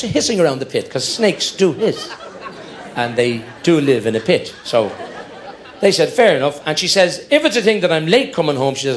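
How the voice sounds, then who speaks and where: A middle-aged Irish man telling a long joke on stage, laughing as he goes, in an animated storytelling manner. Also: medium pitch, slight background noise. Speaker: comedian. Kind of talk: storytelling stand-up.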